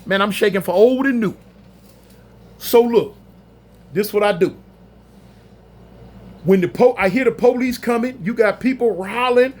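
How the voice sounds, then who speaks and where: High-voiced man telling a slangy story. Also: a little slow, pauses often. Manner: animated, slangy, acts out other voices. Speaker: storyteller recounting prison life. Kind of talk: casual storytelling monologue.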